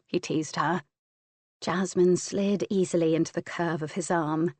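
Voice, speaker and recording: Low, dry-voiced woman narrating an audiobook. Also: steady tone, a little slow, darkish tone, no echo. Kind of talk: scripted narration of a historical romance.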